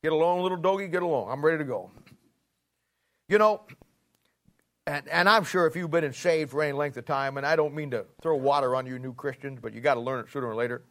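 A pastor preaching a sermon in a folksy, emphatic storytelling manner, full of rhetorical questions. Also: male voice, medium pitch, fairly quick, long pauses, fairly bright tone.

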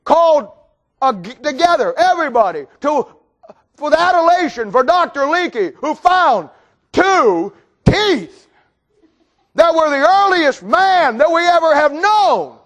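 High-voiced shouting man preaching. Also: big pitch swings, a little slow. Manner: mocking, shouting preacher with sarcastic asides. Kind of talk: sermon.

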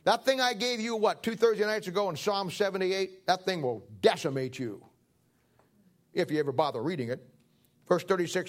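A man's voice: sits high, normal speed, long pauses. A man preaching a sermon in a folksy, joking way, acting out little everyday scenes. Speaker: pastor.

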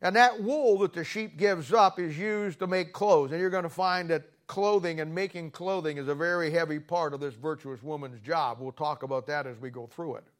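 A man preaching a sermon in a folksy, storytelling way, with sudden loud bursts between quieter stretches. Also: on the high side, normal speed, hardly any pauses.

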